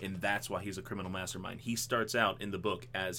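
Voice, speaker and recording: Animated bright-voiced man chatting. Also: low-pitched, a little fast, hardly any pauses, a little hiss or hum. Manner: animated, excitable, frequent ums and laughs. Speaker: podcast co-host. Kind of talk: casual chat about a film.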